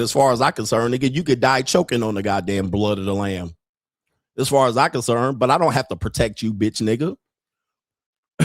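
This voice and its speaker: A man's voice: medium pitch, dry recording. Blunt profane man ranting, dry sound. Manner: blunt, heavy swearing, laughs often. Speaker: podcast host. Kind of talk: profane livestream rant.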